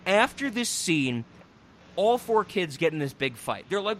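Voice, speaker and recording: A young man on a podcast, recapping a movie in casual comedic chat, swearing, laughing and acting out the characters. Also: sits high. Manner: animated, profane, laughing, acts out characters in quick voices. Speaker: podcast host reviewing a movie.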